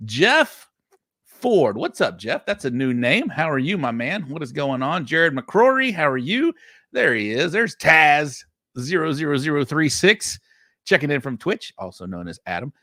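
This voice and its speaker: A man with a drawl hosts a live stream, greeting viewers one by one with lively energy. His voice is bright and forceful, recorded dry and close with no room sound. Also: fairly high pitch, a little slow, no room sound. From Texas. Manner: energetic, hypes viewers and reads out shout-outs. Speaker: host of a live online barbecue show.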